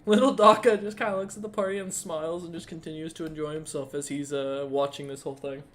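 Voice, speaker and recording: A man narrating as dungeon master of a tabletop game, halting and full of fillers, easily amused. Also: fairly high pitch, steady tone, a bit bright.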